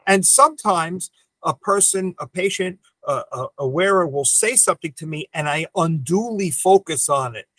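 A man's voice: fairly high pitch, moderate pace, no echo. A veteran optician in his seventies, a man telling stories with emphatic energy as a podcast guest. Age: 70s. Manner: animated storyteller, emphatic. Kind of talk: casual podcast conversation.

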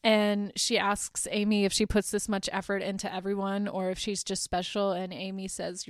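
A young adult woman hosting a podcast, chatting through a movie plot with lots of "like" and quick laughs. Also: medium pitch, flat delivery, clear, resonant tone, dry recording, studio quality. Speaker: podcast host. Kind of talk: casual movie recap.

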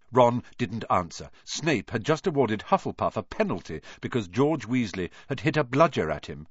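A man reading a storybook aloud as narrator, in an expressive, animated way. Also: medium pitch, normal speed, hardly any pauses, slightly rough, dry recording, dull audio. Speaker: audiobook reader.

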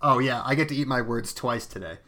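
A man's voice: medium pitch, fairly quick, pushed and bright. A young man co-hosting an anime podcast, ranting sarcastically with plenty of swearing. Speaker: podcast co-host. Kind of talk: casual chat, anime review podcast.

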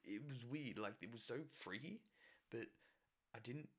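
A man's voice: mid-range voice, a little slow, a bit bright, slightly rough. A man casually recounting a personal experience, rambling with many fillers and self-corrections. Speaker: storyteller.

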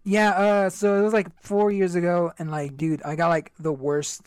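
A man's voice: high voice, little pitch movement, moderate pace, clean tone, no room sound, clean studio sound. A young man telling a personal story in a rambling casual chat, full of "like" and "dude.".

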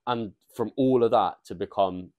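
Young man with a low voice. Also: moderate pace, darkish tone. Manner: blunt, laughs often, reads out listener questions. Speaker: podcast co-host. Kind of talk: casual chat.

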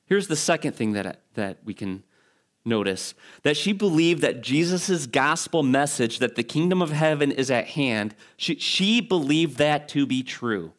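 A man's voice: a little high, lively intonation, a little slow. A male pastor preaching a sermon in a conversational, storytelling way, with asides and restarts.

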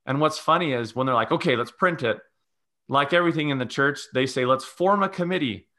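A man's voice: mid-range voice, fairly quick, pushed and bright. A man who is a guest religious educator on a podcast, speaking in a teacherly way and laying out numbered steps. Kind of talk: podcast conversation.

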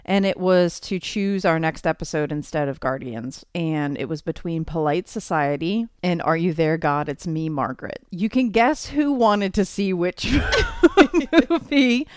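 Chatty podcast lady, smooth low-ish voice, dry close sound. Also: measured pace, few pauses, no room sound. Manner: chatty, laughs often. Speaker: podcast co-host. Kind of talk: casual chat.

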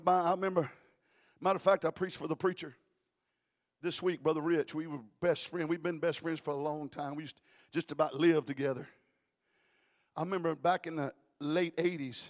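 A man preaching a sermon, moving between quiet storytelling and shouted exhortation. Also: high voice. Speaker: pastor.

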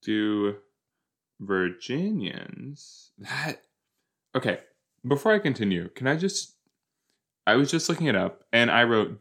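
A man's voice: mid-range voice, sing-song, a little slow, pauses often, fairly bright tone. A young man in casual reaction commentary, rambling and joking as he reacts to a TV episode. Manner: chatty, rambling, jokey, puts on silly voices. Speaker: podcast host reacting to a TV episode.

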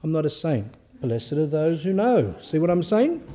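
Dark-voiced priest telling stories. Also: male voice, fairly high pitch, moderate pace. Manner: animated storytelling with acted quotes. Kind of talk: informal sermon.

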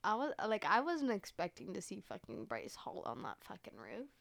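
A woman's voice: mid-range voice, huge pitch swings, moderate pace, creaky, a bit bright. Profane, rambling young woman podcaster. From Arizona, United States. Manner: profane, rambling, filler-heavy. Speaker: podcast host. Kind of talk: casual storytelling chat.

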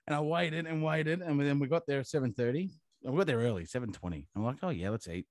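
An Australian man telling stories in casual chat, animated and swearing freely as a co-host. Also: on the high side, fast talker, background noise. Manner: heavy swearing, animated storytelling. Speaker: podcast co-host.

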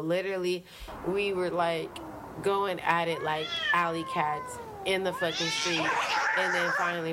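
This female co-host, whose voice sits on the low side, spins a story during a relaxed conversation. Swearing and slang fill her lively delivery as she replays her own past lines.

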